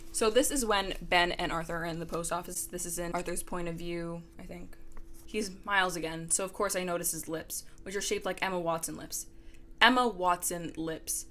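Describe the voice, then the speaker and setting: Exasperated young woman ranting, bright voice. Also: on the low side, slight background noise. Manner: exasperated, sarcastic, lots of "like". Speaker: book reviewer. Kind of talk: ranting book review vlog.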